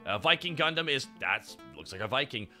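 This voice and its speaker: A man streaming, chatting with his chat in an animated way, swearing and laughing often. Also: mid-range voice, fairly quick, faint music behind. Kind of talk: casual chat.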